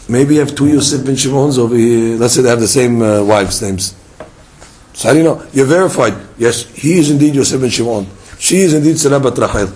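A man's voice: medium pitch, breathy edge, low-quality recording. A man teaching a Talmud lesson, acting out little dialogues and firing rhetorical questions at his listeners. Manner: lively, acts out dialogue and fires rhetorical questions.

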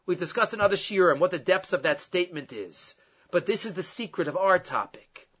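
A man's voice: extremely high pitch, a bit bright. A man giving a Torah lecture as a rabbi, telling it with animation and weaving Hebrew verses into his English explanation. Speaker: rabbi teaching a class. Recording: dull lo-fi recording.

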